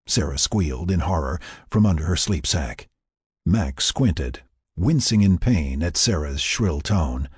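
Deep, husky male storyteller. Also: normal speed, dry recording, studio quality. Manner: expressive, storytelling. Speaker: narrator. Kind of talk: audiobook narration.

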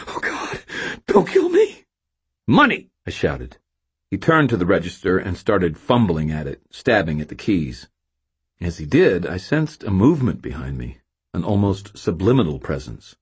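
Deep, very clear-voiced male narrator. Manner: wry, self-mocking storytelling. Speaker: audiobook narrator. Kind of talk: first-person novel narration.

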